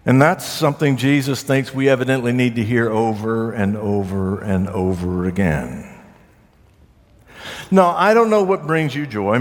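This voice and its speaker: Male pastor, mid-pitched, measured sermon delivery with slowed phrases; long hall reverb. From southern United States.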